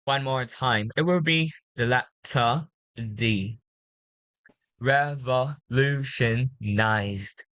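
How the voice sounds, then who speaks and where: A woman tutoring English pronunciation, patiently drilling words slowly and repeating them. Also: very deep voice, a bit bright, dry recording. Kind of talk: one-on-one pronunciation coaching.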